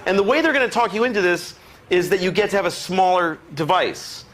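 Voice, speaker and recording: A man's voice: sits high, a little fast. A man performing a stand-up set, telling rambling stories with lots of laughing. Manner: rambling, animated storytelling with laughs. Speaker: stand-up comedian.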